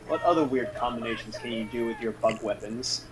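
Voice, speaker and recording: A man's voice: medium pitch, a little fast, noisy background. A man co-hosting a gaming podcast, teasing and bantering with the player. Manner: teasing, laughs often. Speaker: podcast co-host. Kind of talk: casual banter.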